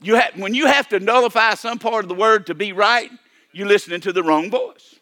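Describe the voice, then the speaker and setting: A man's voice: high-pitched, a little fast, bright, forceful tone. An older man preaching a sermon, repeating and restarting his phrases and calling for amens. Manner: repetitive, stammering restarts, calls for amen.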